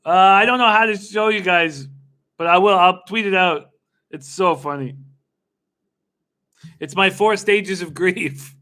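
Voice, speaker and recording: Bright, excitable young man streaming live. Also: sits high, a little slow, pauses often. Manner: excitable, laughs often, chats with viewers by name. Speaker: livestream host betting on horse races. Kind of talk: casual live-stream commentary.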